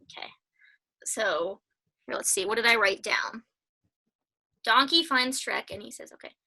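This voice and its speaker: A woman's voice: a little high, animated, unhurried, gravelly, bright, forceful tone. A young woman co-hosting a podcast in casual, giggly chat. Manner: giggly and chatty. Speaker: podcast co-host.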